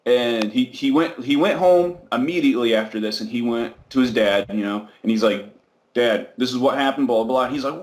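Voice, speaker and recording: A man with a mid-range voice tells his story as an interview guest, playing out each person's lines in a lively way. The room sounds noticeably echoey. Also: mid-range voice, a little fast. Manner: animated retelling, acts out quoted voices, laughs often.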